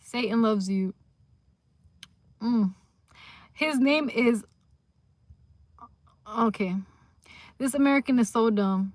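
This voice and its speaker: Young woman, livestreamer, higher voice, dry close sound, slangy, rambling, phone mic. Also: animated, unhurried, pauses often, no room sound. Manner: rambling, slangy, swings between mumbled asides and loud outbursts. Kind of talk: casual livestream chat, reading comments aloud.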